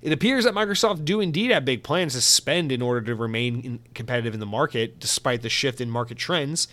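A man's voice: mid-range voice, animated, brisk, fairly bright tone. A young adult man hosting a solo gaming podcast, reading news and riffing into profane comic tangents. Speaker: podcast host.

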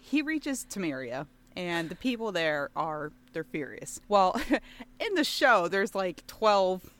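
A woman co-hosting a podcast, recapping a show in casual chat, animated and quick to laugh. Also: lowish voice. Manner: animated, laughs often, lots of fillers. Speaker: podcast co-host.

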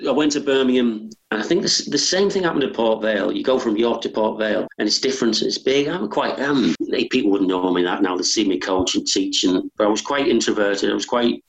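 A middle-aged former footballer, telling stories in a rambling, humble, self-correcting way during an interview. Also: male voice, lowish voice, a little fast, vocal fry, hardly any pauses, poor audio. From England. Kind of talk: conversational interview storytelling.

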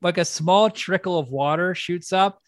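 A man's voice: sits high, moderate pace, dry recording, clean studio sound. A young man co-hosting a casual chat, describing things in a wry, laid-back way. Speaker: podcast co-host.

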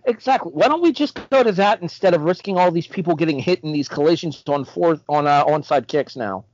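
A man hosting a casual sports podcast, chatty and quick to joke, on dull, dry lo-fi audio. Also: fairly high pitch, animated, a little mellow, dry recording. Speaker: host.

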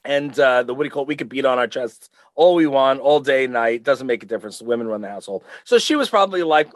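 A middle-aged man co-hosting a podcast, chatting casually, rambling and stammering with loud laughs. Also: medium pitch, fast, few pauses, no room sound. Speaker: podcast co-host. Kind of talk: casual chat.

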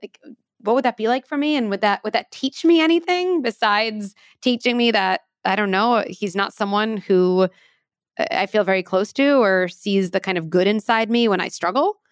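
A woman in her thirties, a parenting expert explaining advice in an interview with earnest, lively examples. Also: medium pitch, moderate pace, no room sound, clean studio sound.

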